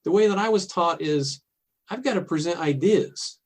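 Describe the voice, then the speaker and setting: Earnest man telling a personal story. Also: fairly high pitch. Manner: halting, earnest, with frequent restarts and soft laughs. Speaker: podcast guest.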